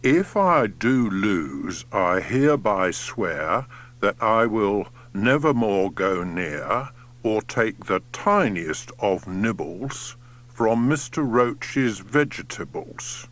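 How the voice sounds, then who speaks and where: Man putting on a storybook tortoise, male, old, scheming, low voice, very slow, sly. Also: expressive, a bit bright. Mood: sly, deliberate.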